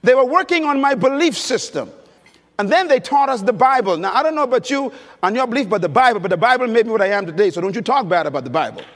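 A male preacher with an extremely high, slightly bright voice speaks fast and expressively, delivering an emphatic conference sermon full of stories and questions for his audience. The large conference hall gives the sound a long reverb.

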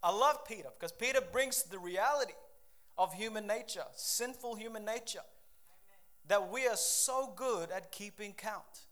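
A man preaching a sermon with a lively, conversational delivery, full of quick asides and acted-out quotes. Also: high-pitched. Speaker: pastor.

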